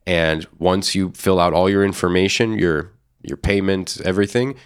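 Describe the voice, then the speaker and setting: An actor playing a slow, soothing, salesy male self-help guru doctor in an improvised comedy scene. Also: deep voice, steady tone, clear, resonant tone, no echo, studio quality, natural voice. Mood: smooth, salesy.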